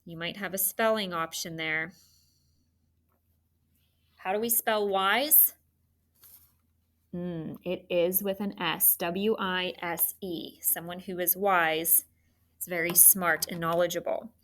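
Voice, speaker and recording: A woman's voice: lowish voice, fairly even intonation, slow, pauses often, a bit bright. A woman teaching a children's phonics lesson, spelling out letters and encouraging the students.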